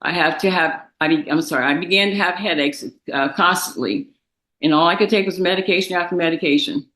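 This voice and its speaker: A young woman reading a prepared statement in a courtroom, emotional and halting, fighting back tears, with restarts and repeated words. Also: fairly low pitch, fairly bright tone, poor audio. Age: young adult. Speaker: victim's daughter giving impact statement.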